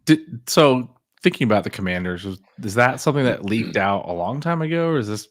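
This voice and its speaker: A man's voice: lowish voice, animated, a little fast. A man on a casual livestream podcast, chiming in with short wry remarks. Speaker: podcast co-host.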